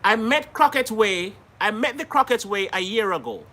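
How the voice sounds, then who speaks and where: A man's voice: high-pitched, animated, normal speed, bright, forceful tone. A man from Jamaica hosting a live stream, chatting casually and greeting viewers by name, laughing often.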